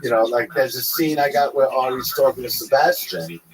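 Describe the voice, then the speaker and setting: A man's voice: mid-range voice, steady tone, moderate pace, rough recording. A man telling rambling, profane stories in a casual interview, acting out other people's voices. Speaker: interview guest. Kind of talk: casual storytelling. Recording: crowd chatter behind.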